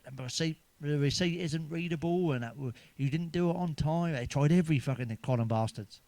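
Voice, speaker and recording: Crude stand-up, middle-aged man, slightly high voice, dry close sound, swears freely. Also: brisk, darkish tone, no echo. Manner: crude, swearing, laughs at own jokes. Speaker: stand-up comedian. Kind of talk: stand-up jokes told to camera.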